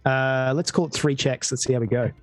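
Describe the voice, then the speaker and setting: Australian male game master, relaxed, dry mic, faint music. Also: mid-range voice, fairly quick, no room sound. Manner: relaxed storytelling with frequent fillers. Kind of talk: narrating a tabletop game.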